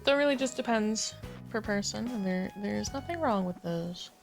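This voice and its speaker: A woman with a lowered morning voice hosting a livestream, chatting casually while she plays a game, easygoing and rambling with many fillers. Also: expressive, normal speed, vocal fry, soft background music. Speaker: livestream gamer host.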